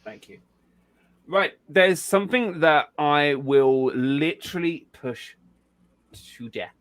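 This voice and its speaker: A man's voice: on the high side, slow pace, a bit bright. Chatty man hosting a podcast, swearing freely. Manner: casual, swears freely, repeats words. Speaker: podcast host. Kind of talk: casual podcast chat.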